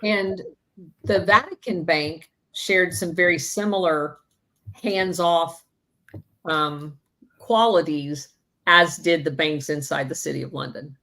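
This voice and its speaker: Low-voiced woman in casual podcast chat. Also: takes it slowly, bright, forceful tone. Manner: conversational, adding brief interjections and points.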